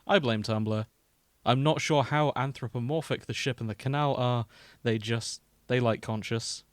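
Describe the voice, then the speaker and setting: A man hosting a comedy podcast in a light, joking manner, his voice sitting at an ordinary pitch. The sound is close and dry, with no room around it. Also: normal speed, no echo. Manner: jokey, leads the reading. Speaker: podcast host. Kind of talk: casual comedic chat.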